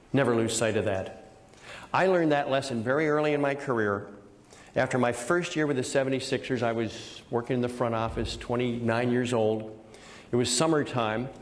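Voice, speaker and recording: An older man on stage delivering a motivational keynote at a middle pitch. He tells stories with energy and drives his points home through repeated words. His delivery stays lively and direct. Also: long reverb tail. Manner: energetic storyteller with punchy repetition. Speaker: motivational speaker. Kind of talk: keynote speech.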